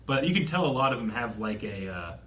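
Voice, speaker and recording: A man's voice: lowish voice, very animated, fairly quick, pushed and bright, roomy sound, a little hiss or hum. A man hosting a casual reaction chat, talking through a TV episode with friends and often trailing off mid-thought. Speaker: show host reacting to TV.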